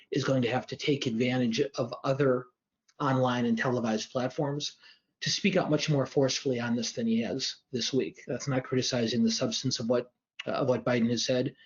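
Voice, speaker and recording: A man speaks at an ordinary mid pitch, analytical and measured, often circling back to restate a phrase. He answers audience questions during a livestream. The sound is dull and lo-fi. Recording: dull lo-fi stream audio.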